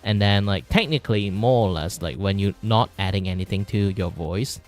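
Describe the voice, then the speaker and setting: A man's voice: lowish voice, moderate pace, a little mellow. A man from Malaysia with a Malaysian English accent, chatting casually on his livestream in a rambling, filler-heavy way. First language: Mandarin. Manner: rambling, filler-heavy, shifts voice register to demonstrate. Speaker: vtuber streamer. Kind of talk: casual livestream chat while drawing.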